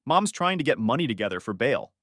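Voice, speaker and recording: A man's voice: mid-range voice, big pitch swings, a bit bright, dry recording, clean studio sound. A man voicing a worried young woman, a sister who talks anxiously and in a hurry. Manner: anxious, hurried.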